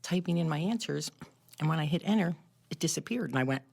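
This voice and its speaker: Woman, low voice, casual storytelling, laughs often. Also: fast, creaky, slight background noise. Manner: animated, laughs often while talking. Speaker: club member telling her story. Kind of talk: casual storytelling in a group chat.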